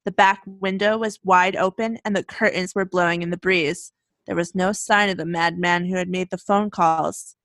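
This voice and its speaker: A woman's voice: lowish voice, steady tone, normal speed, a bit bright, dry recording. A woman co-hosting a casual chat, reading a scary story aloud and breaking into laughter and jokes. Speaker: podcast co-host.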